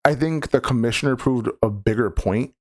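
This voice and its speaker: A man's voice: medium pitch, moderate pace. A man co-hosting a podcast, chatting casually about a show and acting out scenes in quoted voices. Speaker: podcast co-host. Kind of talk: casual chat.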